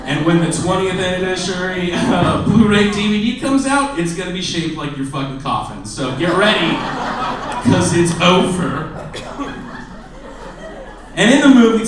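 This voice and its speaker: A man's voice: recorded from a distance, background noise. Self-mocking young stand-up man in an echoey club. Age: 20s. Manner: self-deprecating, swings from low mutter to loud shouted bits. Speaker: stand-up comedian. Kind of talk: stand-up comedy set. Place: comedy club stage. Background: audience laughter.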